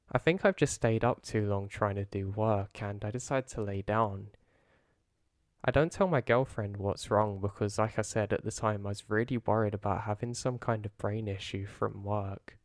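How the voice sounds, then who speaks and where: A man calmly narrating a first-person horror story in a low-key way. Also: moderate pace, gravelly, no room sound, studio quality. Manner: calm, low-key retelling.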